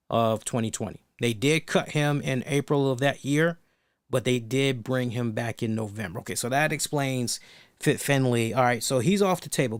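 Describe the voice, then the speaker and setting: A man's voice: medium pitch, dry recording, studio quality. A man hosting a wrestling review podcast, talking in a rambling, thinking-aloud way with blunt, casual swearing. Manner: rambling, thinks aloud with many restarts and asides. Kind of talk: casual solo commentary.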